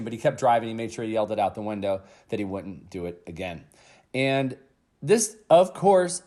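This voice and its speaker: A man's voice: fairly low pitch, darkish tone. A man in his thirties hosting a motivational podcast, telling a story emphatically with casual fillers and the odd swear word. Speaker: podcast host.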